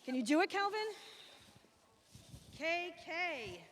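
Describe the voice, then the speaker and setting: A woman's voice: extremely high pitch, big pitch swings, slow, a bit bright, a little hiss or hum. A woman addressing children at a school assembly, upbeat and chatty as she calls out names and classes from the stage. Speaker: school staff member presenting at an assembly.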